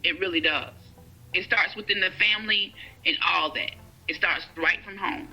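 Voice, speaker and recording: A woman's voice: fairly low pitch, moderate pace, bright, forceful tone, breathy edge, rough recording. A woman telling her personal story in conversation, often checking "you get what I'm saying". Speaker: guest sharing her life story.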